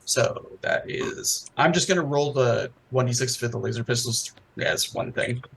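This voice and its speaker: A man running a tabletop game as game master, talking hesitantly with many pauses. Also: mid-range voice, vocal fry, a bit bright, slightly rough, low-quality recording. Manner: hesitant, full of ums and restarts.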